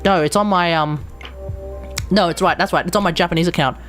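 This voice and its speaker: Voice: medium pitch, fairly even intonation, fairly quick, fairly bright tone, faint music behind. An Australian live streamer in casual chat, rambling and exasperated, with mild swearing.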